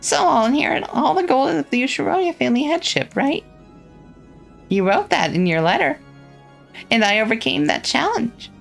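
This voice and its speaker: Someone putting on a squeaky timid young heiress. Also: big pitch swings, normal speed, gravelly, faint music behind, exaggerated voice. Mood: bewildered. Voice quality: squeaky, childlike. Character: timid girl who inherits her family headship. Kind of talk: reading a visual novel aloud in character.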